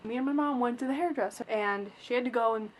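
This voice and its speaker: A teenage girl vlogs to her webcam about a bad experience, her voice sitting a touch high. She rambles in a chatty way with plenty of "like," slipping into quoted voices and sounding increasingly exasperated. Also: fast talker, a little hiss or hum. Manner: chatty, retells scenes with quoted voices, lots of "like"; exasperated, complaining. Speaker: vlogger. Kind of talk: casual storytelling vlog.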